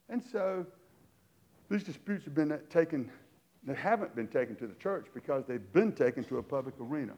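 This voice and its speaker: A man's voice: mid-range voice, darkish tone, lo-fi sound. A middle-aged man preaching a sermon in a conversational way, with sarcastic asides. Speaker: pastor.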